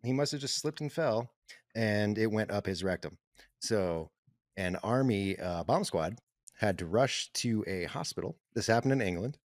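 A man with a low, dry-sounding voice recounts a news story on a podcast. His delivery is casual and deadpan, with crude humor. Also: normal speed, no room sound. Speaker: podcast co-host.

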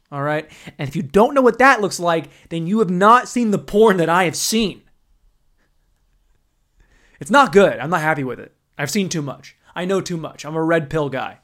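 A man's voice: on the high side, lively intonation, normal speed, fairly bright tone. A young man hosting a podcast, ranting in a crude, sarcastic, rambling comedic style. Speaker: podcast host. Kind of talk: comedic rant.

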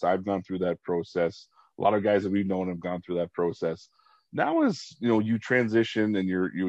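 A man's voice: sits low, a little mellow, no room sound. A man hosting an interview, chatting in an affable way while asking his guest questions. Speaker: podcast host. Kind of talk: conversational interview. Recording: dull, dry lo-fi audio.

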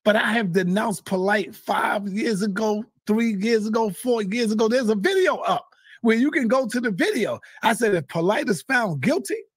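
A man telling a heated, profane story in casual talk, often shouting. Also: high voice, expressive, normal speed, slightly rough, no room sound, clean studio sound. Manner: swears a lot, heated. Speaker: guest. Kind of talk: animated storytelling.

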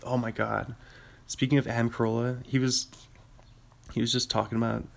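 Gravelly man rambling about movies. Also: medium pitch, little pitch movement, moderate pace. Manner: rambling, self-correcting, chuckling. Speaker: podcast host. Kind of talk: casual movie chat.

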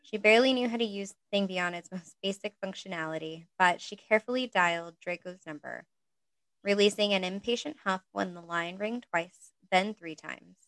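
A woman's voice: mid-range voice, normal speed, fairly bright tone, no echo, low-quality recording. Woman reading a story with chatty asides. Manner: reads narration with chatty asides and laughs. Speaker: reader.

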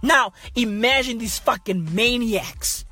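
A woman's voice: fairly high pitch, slow pace, sharp tone, faint music behind. A woman hosting a podcast from inside a parked car, delivering a crude, repetitive comedic rant. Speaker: podcast host.

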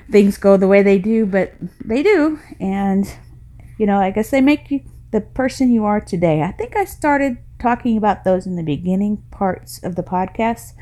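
On her own podcast, a middle-aged woman with a dark-toned, mid-range voice rambles through a folksy, casual monologue. She speaks with passion, laughs at times, and seems a bit breathless.

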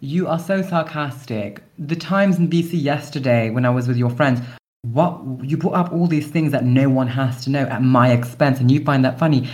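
A man's voice: medium pitch, normal speed, a little mellow. A young man co-hosting a comedic podcast sketch, ranting in an exasperated, defensive way. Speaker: podcast co-host.

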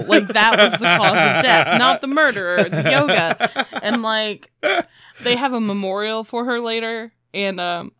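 A woman's voice: medium pitch, unhurried, sharp tone, dry recording, studio quality. A woman co-hosting a casual movie recap chat, retelling scenes wryly with frequent laughter. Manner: wry, laughing storyteller. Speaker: podcast co-host.

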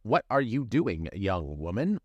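Calm polite spaceship AI, lowish male voice, even and helpful, a man reading it. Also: a little slow, dry recording, muffled recording.

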